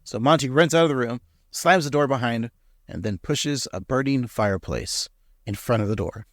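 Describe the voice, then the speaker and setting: A man hosting a podcast, recapping an episode and teasing his co-host in a lively way. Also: medium pitch, moderate pace, no room sound, clean studio sound. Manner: teasing, animated.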